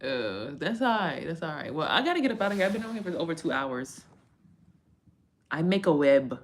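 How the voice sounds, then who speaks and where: A woman's voice: low voice, big pitch swings, fast talker, slight background noise. A woman hosting a casual livestream as a tarot reader. She talks in a loose, rambling and profane way, full of slang and side remarks to viewers.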